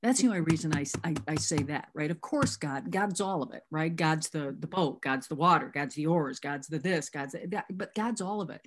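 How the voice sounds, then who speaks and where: A middle-aged workshop speaker at a recovery event talks in a low, animated voice at a moderate pace, barely pausing. She relates a sponsorship story and performs both parts of the dialogue.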